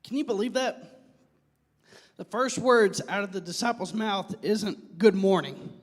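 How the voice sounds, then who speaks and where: Young male pastor, high voice, lively sermon with asides to the room, long reverb of the church hall. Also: measured pace, long pauses. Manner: animated, joking with the congregation, drops to a near whisper.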